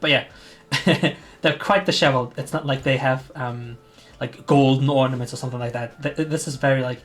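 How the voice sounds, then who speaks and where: A man's voice: mid-range voice, brisk, faint music behind. A man running a tabletop game as game master, narrating in a rambling way full of fillers while he searches for words.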